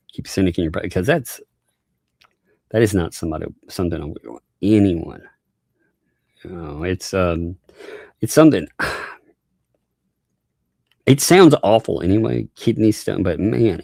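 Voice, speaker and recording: A man with a low, gravelly voice chats loosely on a livestream, reading out donations and thanking each viewer by name. He laughs easily between messages. The sound is close and dry, with no room around it. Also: mellow, dry recording. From United States. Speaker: livestream host. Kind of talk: casual livestream chat reading out super chats.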